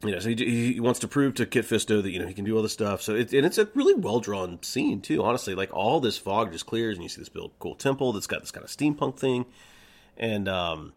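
This podcast co-host speaks in a fairly low voice, brisk and very animated. He rambles through a casual chat, restarting sentences with frequent stammers and laughing easily.

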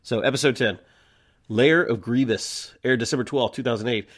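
A man's voice: medium pitch, normal speed. A man co-hosting a podcast in casual chat, rambling with many stammered restarts and easy laughs. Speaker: podcast co-host.

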